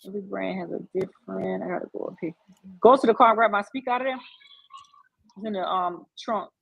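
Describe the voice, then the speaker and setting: A woman's voice: medium pitch, fast, creaky, breathy edge. A woman talking casually in a vlog clip, rambling offhand about chores and her kids. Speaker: vlogger in a clip being reacted to. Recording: dull lo-fi playback audio.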